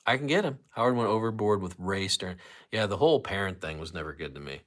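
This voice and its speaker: A man's voice: sits low, expressive, fast talker. An older man hosting a casual livestream, rambling and joking with viewers, at times out of breath. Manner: rambling, jokey, talks to chat. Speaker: livestream host.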